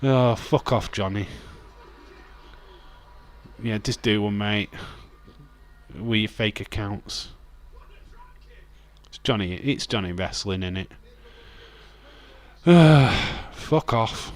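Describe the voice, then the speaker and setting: A young man with a lowish voice hosts a wrestling watch-along stream, speaking slowly with fairly even intonation and frequent pauses. His casual commentary rambles and stays chatty as he swears, laughs, and reads chat aloud.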